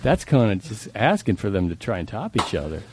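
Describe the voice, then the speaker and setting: A man's voice: fairly low pitch, sing-song, fairly quick, noisy background. A man in casual comedic banter, dropping dry one-liners between the host's stories. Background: music playing.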